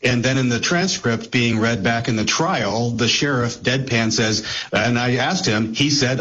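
A man's voice: medium pitch, a little slow, hardly any pauses, fairly bright tone. Thoughtful man with hesitant fillers. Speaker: guest analyst. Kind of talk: talk radio discussion. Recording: dull lo-fi broadcast audio.

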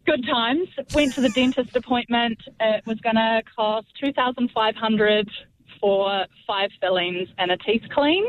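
A woman's voice: on the high side, unhurried, a little hiss or hum. A woman calling in to a radio show, telling a rambling story and laughing at her own bad luck. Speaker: caller. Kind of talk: phone-in story. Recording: tinny phone line.

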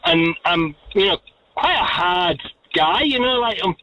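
Man, forties, radio caller on the phone, earnest storyteller, bright forceful tone, faint noise behind. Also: high-pitched, expressive, measured pace, dull audio. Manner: earnest storytelling, acts out quoted voices. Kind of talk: talkback radio call.

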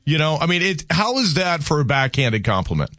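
Male radio host, somewhat high voice, dry booth mic, self-deprecating, halting delivery. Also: sing-song, fairly bright tone, no room sound. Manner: rambling, stammering, self-mocking. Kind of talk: casual morning radio chat. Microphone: studio microphone.

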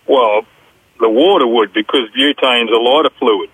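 Husky caller telling jokes. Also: male voice, mid-range voice, moderate pace, fairly bright tone, no room sound, poor audio. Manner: hesitant, lots of ums. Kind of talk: phone-in joke telling.

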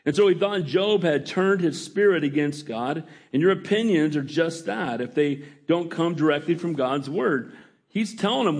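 A man's voice: fairly high pitch, animated, normal speed. A middle-aged man preaching a sermon in a conversational way, often asking the congregation for an amen. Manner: conversational, calls for amens. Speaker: pastor.

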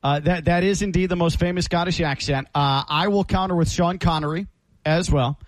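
High-voiced guy co-hosting sports talk, wry and teasing, dry sound. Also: fairly quick, no room sound, low-quality recording. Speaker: sports show co-host.

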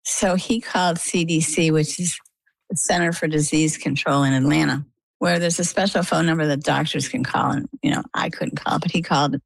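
A middle-aged woman with a low voice and a gravelly edge, telling her story as an interview guest. She is chatty and vivid and acts out the lines of the people in it. The sound is dry and close. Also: steady tone, normal speed, dry recording, rough recording.

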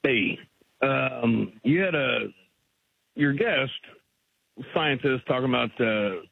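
A man with a gravelly, raspy voice calls into a radio show over a tinny phone line. He talks in an argumentative way, pressing the host on his points. His audio is dry and narrow. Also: medium pitch, animated, slow pace, dry recording. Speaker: caller. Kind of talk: call-in radio conversation.

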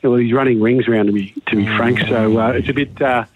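A man's voice: mid-range voice, fairly even intonation, brisk, no echo. A man, out of breath, chatting on a phone line as a betting guest, rambling with fillers. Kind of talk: phoned-in radio chat.

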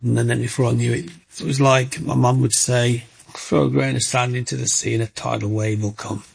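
A middle-aged man tells his story to an interviewer. His voice is deeply gravelly, with a lot of rough fry under the words. He talks in a chatty, animated way and slips into other people's voices when he quotes them. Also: a little fast. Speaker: guest, micro-sculptor.

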